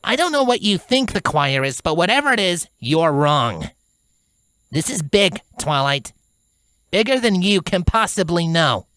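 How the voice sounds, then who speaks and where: A tough female pegasus guard, brought to life by a woman in a fan fiction audiobook. She speaks bluntly and urgently, her pitch jumping around with energy. The sound is dry and close, with no room around it. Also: very animated, measured pace, a bit bright, dry recording. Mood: stern, urgent. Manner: blunt, urgent, low warnings.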